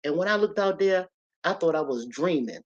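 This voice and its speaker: This is a woman, telling a story from her own life. She talks in an animated way and speaks straight to her listeners. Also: fairly low pitch, normal speed, lo-fi sound. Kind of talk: personal storytelling to an audience.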